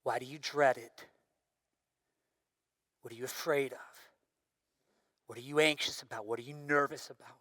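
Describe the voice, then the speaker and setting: A young man preaching a sermon with a bright, forceful tone. He shifts from loud, shouted bursts to soft, hushed passages. The recording is dry and close, with no room echo. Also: mid-range voice, normal speed, long pauses. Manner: animated, swings from shouting to hushed. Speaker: pastor.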